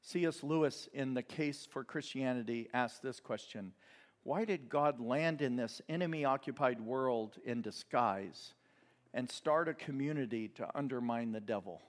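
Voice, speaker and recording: A man's voice: medium pitch, unhurried. A man preaching a sermon. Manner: conversational preaching with asides and light laughter. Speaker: pastor.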